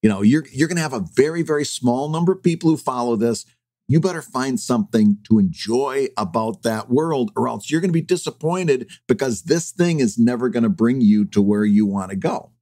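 A man in his fifties co-hosting a podcast, telling an old story with self-mocking humor and lively retelling of past conversations. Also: mid-range voice, fairly quick, no room sound. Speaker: podcast co-host. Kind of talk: casual chat, storytelling.

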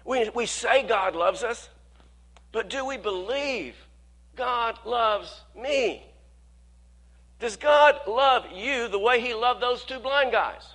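Male pastor, high bright voice, folksy sermon delivery with stammered restarts. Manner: conversational preaching with frequent repeated words and quick laughs; speeds up when quoting worried people, slows to stress key words.

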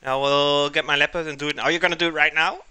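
A man's voice: a little high, steady tone, fast talker, bright, forceful tone, clear, resonant tone, no room sound. A man cooking on a live stream, chatting casually and joking with his chat as he reads it aloud. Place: home kitchen.

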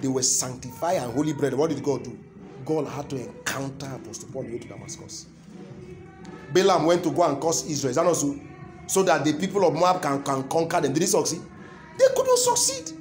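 A man's voice: on the high side, big pitch swings, fairly quick, darkish tone, soft background music. A man with a Nigerian accent preaching a sermon, calling and responding with his congregation and repeating key phrases for emphasis. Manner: call-and-response, keeps asking the crowd "what?" to complete his lines.

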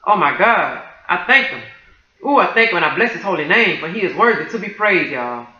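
A woman's voice: fairly low pitch, sing-song, a little fast, pushed and bright. A woman pours out praise and testimony to her online viewers with fervent exclamations. Her voice is tense and piercing. The home recording sounds dull and lo-fi in a reverberant room. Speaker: Christian video creator sharing a prophetic dream.

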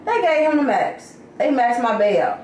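A woman's voice: fairly high pitch, very animated, normal speed, darkish tone, a little hiss or hum. Candid woman venting in an echoey room. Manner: candid and venting, talking straight to viewers. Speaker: vlogger. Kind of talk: casual vlog chat. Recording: echoey room, mic at a distance.

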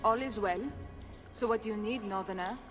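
A woman's voice: medium pitch, moderate pace, lightly acted. A woman playing a sly smuggler bard. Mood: coy. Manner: playful, evasive, teasing. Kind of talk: video game dialogue. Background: game music.

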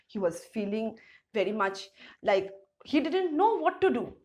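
Woman teacher, storybook lesson, rereads and simplifies each line, rhetorical questions, high lively voice. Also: unhurried. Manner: reads each sentence, then retells it in simpler words; asks rhetorical questions to the class.

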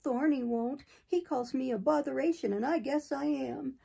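A woman's voice: a little high, lively intonation, moderate pace, gravelly, mellow, husky, voice pushed up, exaggerated voice. A woman doing a small, muffled, remorseful little girl. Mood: ashamed, sulky. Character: sulky, remorseful little girl hiding in shame.

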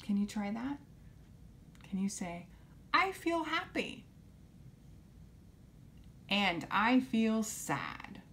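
A woman teaching young children, gently coaxing them to repeat simple phrases after her. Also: medium pitch, big pitch swings, extremely slow, pauses often, slight background noise. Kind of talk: children's lesson.

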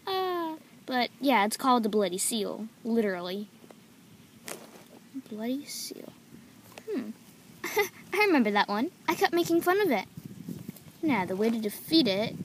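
A woman performs every character in a homemade toy-figure story herself, jumping between playful voices. She is giggly and excitable, her fairly high voice swooping up and down, and she speaks at a slow, unhurried pace. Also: a little hiss or hum. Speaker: toy video creator voicing all figures.

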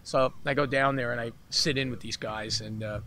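Here a musician guest, male, talks at a normal speed with a mid-range voice during an informal interview at a festival. His storytelling is animated, and he imitates the voices of the people he describes.

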